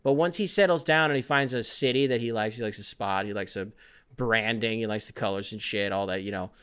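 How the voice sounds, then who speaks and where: A man's voice: on the low side, a little fast, clean tone. A young man hosting a casual sports podcast, rambling between topics with lots of swearing. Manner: rambling, animated, profane, jumping between topics. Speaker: podcast host.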